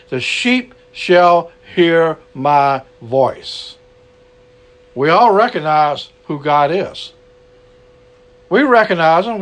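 A man preaching an earnest sermon to an online gathering, repeating his key lines and closing in prayer. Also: sits high.

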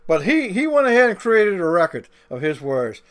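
A man's voice: high-pitched, very animated. A male pastor delivering a sermon, drawing out key words and repeating points, with folksy grammar. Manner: deliberate, drawn-out emphasis with folksy grammar.

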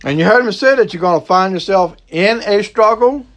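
A man with a Cajun accent from the American South, preaching a sermon with emphatic repetition and sudden low, slow drops for emphasis. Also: expressive. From Southern United States. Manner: emphatic preaching, repeats key phrases, drops to a low slow hush for stress. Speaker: pastor.

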